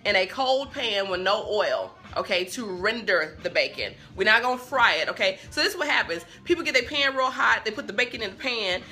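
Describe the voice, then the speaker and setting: Bacon sizzles in the pan and faint music plays as this young woman runs a live cooking stream from her kitchen, filmed on a phone on a stand. Mid-range and bright, her voice is forceful, brisk and lively in intonation with few pauses, as she chats to viewers and wanders off topic.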